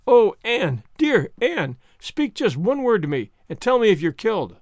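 A man's voice: high voice, big pitch swings, brisk, no echo, clean studio sound. A man reading aloud, voicing an anxious, pleading young girl. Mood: frantic. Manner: pleading, fretful. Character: anxious young girl, the heroine's loyal friend.

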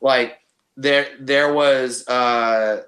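A man, a comedian guest, chatting casually on a podcast with halting restarts and profane jokes. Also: medium pitch, steady tone, fairly bright tone. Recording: echoey room.

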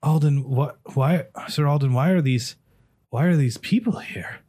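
A man's voice: fairly high pitch, measured pace, mellow, husky, pitched above the performer's own voice. A man voicing a distracted male dwarf barkeep who gets startled and apologizes as he stammers. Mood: flustered.

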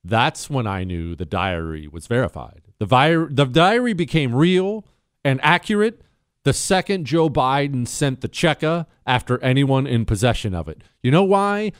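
A man's voice: mid-range voice, big pitch swings, moderate pace, clear, resonant tone. A man hosting a call-in radio talk show, brash and joking as he talks.

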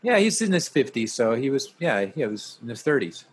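A man chatting casually about a movie, relaxed and rambling, with a slightly husky voice. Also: mid-range voice, moderate pace. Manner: relaxed, rambling, many fillers.

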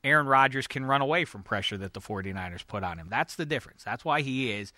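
A man hosting a casual sports podcast, animated and jokey, with frequent "uh" fillers. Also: mid-range voice, fast talker, dry recording, clean studio sound. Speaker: podcast host.

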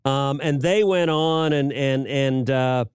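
A man's voice: medium pitch, takes it slowly, darkish tone, clear, resonant tone, dry recording, clean studio sound. A middle-aged man co-hosting a political podcast, talking casually with frequent stammered restarts and chuckles at his own jokes. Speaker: podcast co-host, senator.

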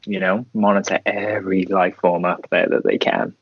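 Man, podcast co-host, very deep voice, gravelly, husky, dry close sound. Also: fairly even intonation, moderate pace, dry recording. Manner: agreeable, laughs along, short replies. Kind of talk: casual watchalong chat. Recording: dry, dull lo-fi audio.

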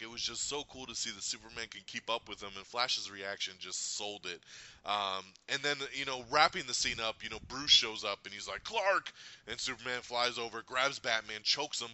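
A man's voice: medium pitch, no room sound, dull audio. A man hosting a podcast, retelling movie scenes in casual chat and acting out the characters' lines. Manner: animated, retells scenes with laughs and acted quotes. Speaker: podcast host.

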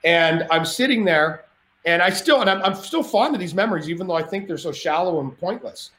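A man spins a loud anecdote with a lot of swearing and tangents. His voice sits a bit high. The sound is roomy and echoey, as if recorded in a cottage. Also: fairly quick. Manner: lively, profane, rambling anecdotes. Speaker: podcast guest. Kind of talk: animated storytelling.

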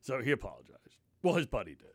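Profane, animated young man chatting. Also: medium pitch, quick pace, husky, no echo. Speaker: podcast co-host. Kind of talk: casual chat.

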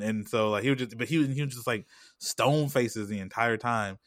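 A man's voice: medium pitch, normal speed, fairly bright tone, no echo, clean studio sound. A man telling a story in loose, slangy casual chat, full of "like" and "you know what I'm saying".

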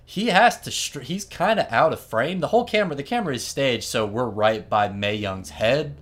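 A man hosting a podcast, telling a story in an animated, wry, casual way and laughing often. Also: medium pitch, normal speed. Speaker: podcast host.

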